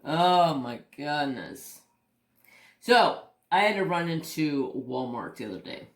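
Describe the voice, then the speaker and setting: At his craft table, a man who hosts a crafting channel tells rambling, casual stories in a fairly high, animated voice at a slow pace. He speaks candidly with mild swearing and frequently restarts his sentences, and the recording has a roomy echo.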